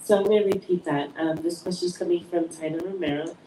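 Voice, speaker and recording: Heard from a distance in an echoey room with faint noise, this mother hosts a relaxed podcast with her daughter. Her voice is fairly low, steady and warm, fairly quick, and she laughs a lot while voicing quotes as she tells stories.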